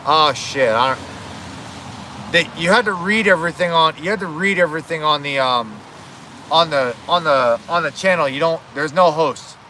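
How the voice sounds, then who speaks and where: A man's voice: a little high, normal speed, sharp tone, a little hiss or hum. A man chatting casually on a livestream, rambling, correcting himself and swearing, outdoors at home.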